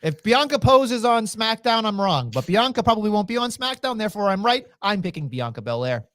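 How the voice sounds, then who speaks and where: Animated high-voiced man in podcast banter. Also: fairly quick, no room sound, studio quality. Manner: animated, joking, swears freely. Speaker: podcast co-host.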